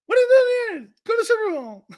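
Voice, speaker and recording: A man doing a squeaky ventriloquist dummy. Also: big pitch swings, brisk. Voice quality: shrill and squeaky. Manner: parroting one cheerful line over and over. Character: squeaky ventriloquist-dummy version of a male sportscaster.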